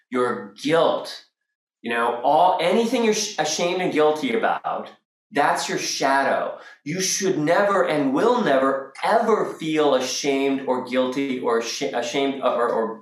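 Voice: mid-range voice, reverberant, low-quality recording. A spiritual workshop teacher talking casually to a group, acting out quoted voices and laughing along.

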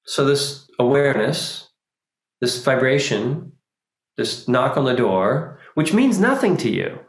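A man giving an informal spiritual talk, animated and acting out small quoted scenes as he explains. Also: medium pitch, slow. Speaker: spiritual teacher. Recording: roomy echo.

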